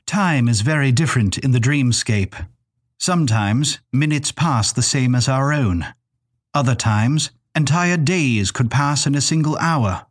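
A man voicing a soft-spoken, courteous keeper of a dream lodge with a grand way of talking. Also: mid-range voice, lively intonation, unhurried.

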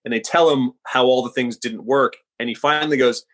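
A man, a screenwriter guest in a casual podcast chat, with an ordinary mid-range voice. He reflects on his work in a self-deprecating way, pausing on "um" and "uh" as he gathers his thoughts. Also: mid-range voice, steady tone, a bit bright.

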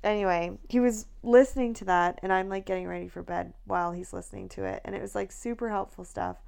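Pregnant woman, 30s, casual co-host, gravelly voice, animated storyteller. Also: medium pitch, fast. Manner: animated storytelling, acts out quotes, laughs often. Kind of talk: casual chat.

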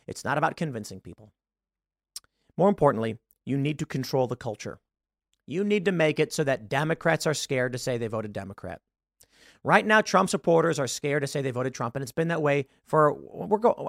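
Brief: male podcast host in his 30s, lively pitch, dry close sound, animated ranting commentary. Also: moderate pace, vocal fry, dry recording. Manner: animated, ranting, mocking put-on voices. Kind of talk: political commentary rant.

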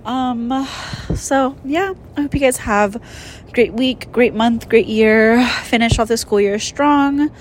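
A woman's voice: fairly high pitch, slow pace, a little hiss or hum. A young woman hosting a casual solo podcast, tearful and emotional, rambling with many fillers. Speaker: podcast host.

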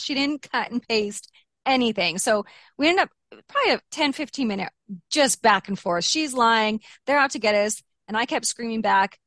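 A young adult woman, an interview guest, candidly recounting a personal ordeal, her pitch rising when she quotes heated arguments. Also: animated, measured pace, fairly bright tone, no echo, studio quality.

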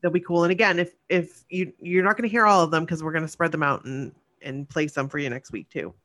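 A woman's voice: sits low, steady tone, fast talker, fairly bright tone, dry recording, studio quality. A woman co-hosting a podcast, chatting casually and wrapping up the episode. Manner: chatty, friendly sign-off. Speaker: podcast co-host.

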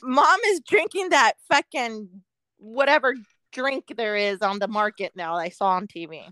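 A woman's voice: a little high, moderate pace, bright, forceful tone, no echo, rough recording. A woman in her forties co-hosting a podcast, joking playfully and swearing, with frequent laughter. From American. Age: 40s. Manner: laughs often, profane and playful. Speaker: podcast co-host. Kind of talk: casual chat.

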